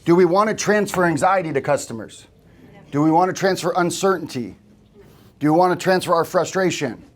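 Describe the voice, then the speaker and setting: A man's voice: fairly high pitch, fairly quick. A man giving a live sales training to a room of agents, talking casually and often checking in with questions to the group. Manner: conversational, asks the room questions.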